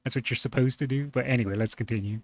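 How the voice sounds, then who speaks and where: A man hosting a reaction video, musing aloud in a relaxed way and laughing easily. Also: mid-range voice, racing, no echo. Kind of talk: casual reaction commentary.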